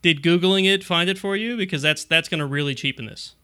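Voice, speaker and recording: His voice on the high side, fast, bright and smooth with a forceful tone, a middle-aged man co-hosts a casual tech podcast. He rambles, cuts himself off to restart sentences, and chuckles often.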